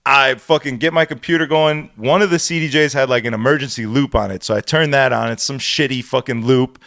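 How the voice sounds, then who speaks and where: A man in casual podcast chat, telling a story with lots of swearing and animated retelling. His voice is mid-pitched and the sound is close and dry, with no room around it. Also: fairly quick, creaky, no echo. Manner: profane, animated storytelling with acted quotes. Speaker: podcast co-host.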